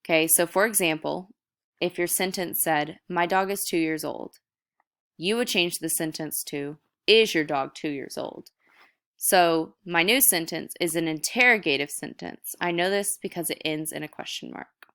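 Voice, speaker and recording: A young woman teaching a recorded lesson, with a bright, crisp voice set a little low. She walks through each point step by step in easy, casual teacher talk. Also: normal speed.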